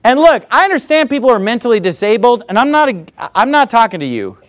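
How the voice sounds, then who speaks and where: A man preaching a sermon in church, animated and mocking, with frequent laughing asides. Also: very high-pitched, fast. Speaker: pastor.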